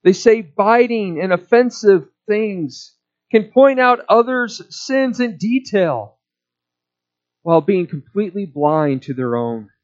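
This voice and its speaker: A man preaching a sermon in a measured, deliberate teaching manner. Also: high-pitched, expressive, dull audio. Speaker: pastor.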